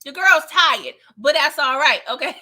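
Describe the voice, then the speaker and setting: Bright-voiced sassy woman recapping a show. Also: sits high, expressive, normal speed. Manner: laughs often, slangy and sassy, talks to viewers directly. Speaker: TV episode recap host. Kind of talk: casual live recap chat.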